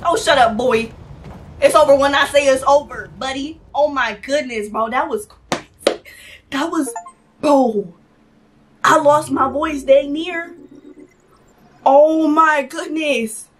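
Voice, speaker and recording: A young woman hosting a gaming channel, giving excited let's-play commentary, shouting, laughing and talking in slang. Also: high voice, slow pace, long pauses, far from the mic, a little hiss or hum. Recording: voice a bit off-mic over game music.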